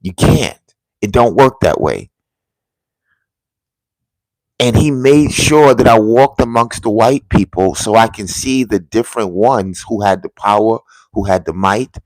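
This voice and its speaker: Man with a lowish voice for an earnest, halting vlog story, dropping to a hush at the tense parts, dry close sound. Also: lively intonation, no room sound. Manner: earnest, halting, drops to a hushed voice at tense moments. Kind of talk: casual storytelling to viewers.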